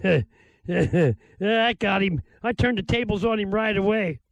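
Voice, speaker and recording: High, gravelly-voiced folksy DJ man. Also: no echo, dull audio. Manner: folksy and rambling, spells things out slowly. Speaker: radio DJ host. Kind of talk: casual radio patter.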